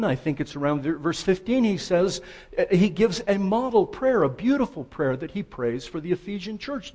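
A male pastor giving a sermon in an easygoing, conversational storytelling style. His voice sits a little on the high side. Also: a little mellow.

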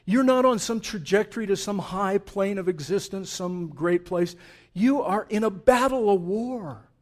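A man preaching a sermon as pastor, reading scripture dramatically, swinging from loud declaiming to hushed tones. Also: high voice, measured pace.

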